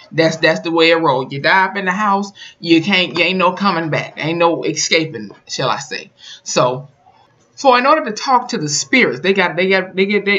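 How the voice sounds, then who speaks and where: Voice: medium pitch, a bit bright, lo-fi sound. A YouTuber recapping and reviewing a TV episode in a casual, colloquial way, telling the story with lots of emphasis. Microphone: camera mic.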